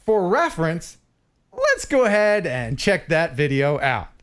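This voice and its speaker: A man's voice: on the high side, huge pitch swings, unhurried, fairly bright tone. A man hosting a casual live stream, chatting and reading a viewer's message aloud. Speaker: host.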